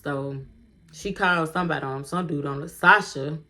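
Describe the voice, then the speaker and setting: A woman with a slightly low voice tells a storytime for her vlog, speaking straight to her viewers. She is animated and chatty, swears freely and laughs often along the way. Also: normal speed. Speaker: vlogger.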